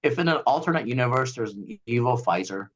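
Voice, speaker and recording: A man who is a guest on an interview, talking in an animated, ranting way and acting out the voices of others. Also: medium pitch, fast talker. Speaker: guest, eye surgeon. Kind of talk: casual interview talk.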